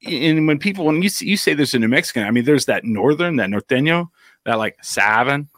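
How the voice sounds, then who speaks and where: A man's voice: on the high side, no echo, clean studio sound. Chatty man telling stories on a podcast. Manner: animated storyteller, quick to react. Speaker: podcast co-host. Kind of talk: casual chat.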